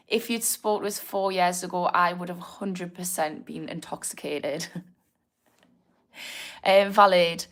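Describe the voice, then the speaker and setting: A woman with a broad Geordie accent from Newcastle, an addiction therapist, hosts a casual livestream, talking straight to viewers and reading out their comments. She's chatty and encouraging, laughs easily, swears now and then, and keeps things loose and friendly. Her voice is on the low side and a bit bright, steady and unhurried, with frequent pauses.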